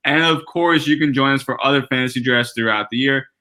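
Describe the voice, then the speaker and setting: A man co-hosting a podcast in casual, teasing banter. His voice has a bright, forward edge at a middle pitch, and he reads the plugs in an even, steady way. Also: brisk. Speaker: podcast co-host.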